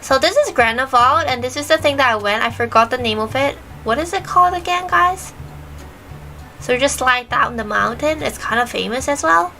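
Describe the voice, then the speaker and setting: A woman's voice: high-pitched, lively intonation, brisk, over music, rough recording. A woman streamer with a mixed British and American accent, chatting casually and giggling as she searches for words. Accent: mixed, part British, part American. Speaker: virtual streamer. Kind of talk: casual stream chat reading chat questions.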